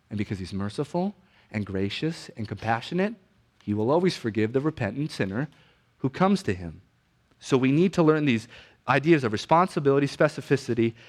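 A married man preaching a sermon in a relaxed, conversational way, building intensity on his main points. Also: a little high. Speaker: pastor.

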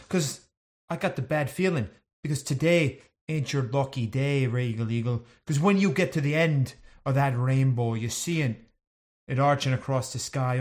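Pria memerankan pegulat jahat yang mengancam. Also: male voice, medium pitch, a little mellow, natural voice. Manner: growling threats, heavy swearing. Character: trash-talking male heel wrestler, menacing.

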